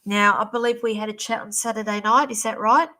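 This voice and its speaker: A woman hosting a live-stream psychic reading, chatty and reassuring, calling viewers darling, her voice going a little hoarse. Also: mid-range voice, fairly even intonation, fairly quick, bright, forceful tone. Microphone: computer or phone mic on a live stream.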